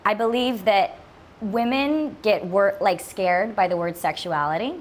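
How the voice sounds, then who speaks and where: A woman's voice: mid-range voice, unhurried, slight background noise. A woman talking as a podcast guest in casual chat, acting out her own thoughts in a lifted voice and laughing often. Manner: laughs often, many fillers like "like".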